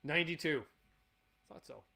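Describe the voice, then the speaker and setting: A man in his forties with a somewhat high-set voice, hosting a relaxed livestream Q&A. He rambles from point to point, talks bluntly and swears freely. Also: moderate pace, gravelly. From Canada. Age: 40s. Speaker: channel host. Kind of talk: casual livestream Q&A.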